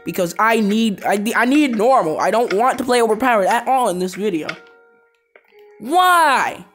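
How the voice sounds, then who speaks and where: A woman doing let's play commentary on a game, excitable and prone to shouting and laughing. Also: mid-range voice, fairly quick, soft background music. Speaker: gameplay commentator.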